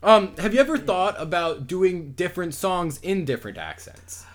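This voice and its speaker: High, lively man asking deadpan questions. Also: normal speed. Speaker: interviewer. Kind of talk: mock-serious comedy interview.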